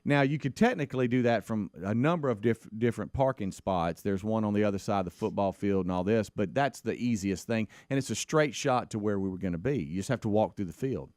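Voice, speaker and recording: A middle-aged man, co-hosting a radio talk show and telling a long personal story in casual chat, animated and playing out the other people in it. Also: fairly quick, hardly any pauses, dry recording, clean studio sound. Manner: animated storyteller who acts out quotes in a higher voice.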